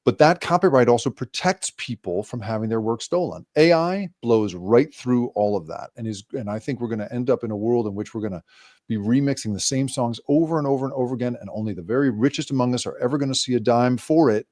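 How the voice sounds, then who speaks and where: A man's voice: mid-range voice, fast, darkish tone, no echo, clean studio sound. A man, a guest journalist, explaining ideas at length in an interview with many restarts. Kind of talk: remote interview.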